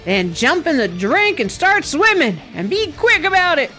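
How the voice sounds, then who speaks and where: A woman's voice: high-pitched, sing-song, moderate pace, sharp tone, soft background music, exaggerated voice. A woman voicing a boisterous old male pirate captain, in a hearty drawling pirate manner, reading game dialogue aloud. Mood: bellowing.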